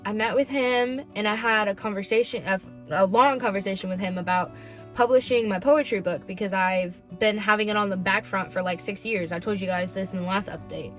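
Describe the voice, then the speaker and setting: A young woman speaks straight to her viewers in a confessional vlog, open and emotional. Her pitch sits in the middle, and she fills her sentences with "like". Faint music plays underneath. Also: fairly quick, fairly bright tone. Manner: emotional, candid, heavy use of "like". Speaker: podcast host.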